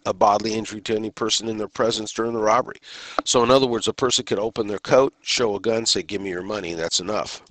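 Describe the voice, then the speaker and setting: A man giving a recorded criminal justice lecture in a measured, deliberate way, pausing and sometimes restarting a phrase. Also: on the low side, fairly even intonation, a bit bright, no echo. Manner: measured, deliberate delivery with pauses and occasional restarts.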